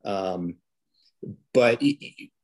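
A man's voice: on the low side, expressive, very slow, a little mellow. A police officer, a man, chatting as a podcast guest, telling stories casually with many restarts and fillers. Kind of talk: casual interview storytelling.

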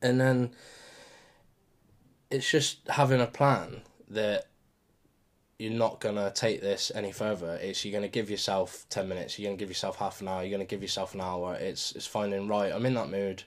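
A man's voice: lowish voice, steady tone, moderate pace. A man co-hosting a podcast, talking through advice in a casual, reflective way. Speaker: podcast co-host. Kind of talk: casual chat.

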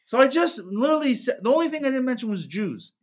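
A man's voice: extremely high pitch, very animated, quick pace. A man, a podcast co-host, telling crude stories in casual, mock-defensive chat.

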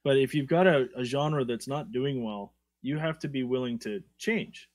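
A man co-hosting a podcast in easy, conversational talk, often checking in with a quick "right?". His voice sits in a medium pitch. The recording is dry and close, with no room echo. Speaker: podcast co-host. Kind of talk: casual podcast chat.

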